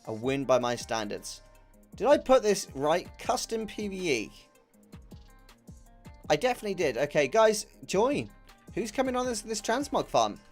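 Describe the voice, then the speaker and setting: A man's voice: sits high, sing-song, normal speed, long pauses, faint music behind. A young man chatting casually on a game stream, laughing often and swearing freely. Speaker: live-streaming gamer.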